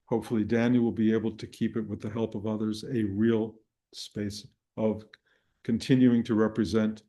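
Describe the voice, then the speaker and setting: A man's voice: fairly low pitch, flat delivery, moderate pace, dark tone. An older man teaching a spiritual group, telling a personal story in a rambling way with restarts and chuckles. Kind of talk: dharma talk to a live and online group.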